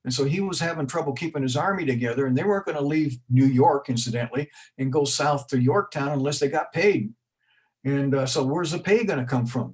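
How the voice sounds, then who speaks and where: A man giving a casual history lecture to an audience, telling the story in a chatty, joking way with lots of restarts and fillers. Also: fairly high pitch.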